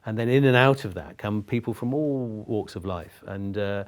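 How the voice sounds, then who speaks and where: A man from Britain tells warm, witty anecdotes in an interview. His voice sits fairly low. He restarts phrases often as he talks. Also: normal speed. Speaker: actor, interview guest.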